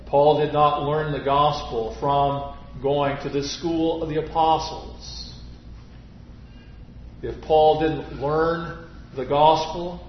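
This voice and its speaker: A man preaching a sermon, speaking deliberately and stressing key words emphatically. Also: on the high side. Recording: roomy, slightly dull recording.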